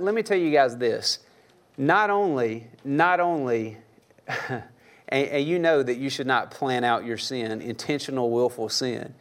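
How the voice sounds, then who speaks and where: A young adult male pastor preaching a sermon in a church, talking with the congregation in a loose, joking way and firing questions at them. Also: mid-range voice. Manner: conversational, joking, asks the audience questions.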